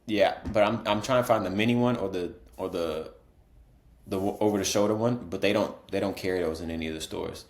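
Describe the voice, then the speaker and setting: A man's voice: low-pitched, a little fast, reverberant. A man co-hosting a podcast in casual chat, laid-back and rambling, laughing often. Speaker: podcast co-host.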